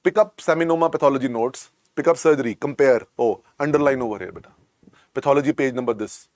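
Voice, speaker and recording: Here the lecturer, who has an Indian English accent, speaks at a medium pitch and a quick pace with a slightly mellow voice. Teaching a medical exam class, he coaxes students by calling them "beta" and repeats key points, all in clean studio sound without echo.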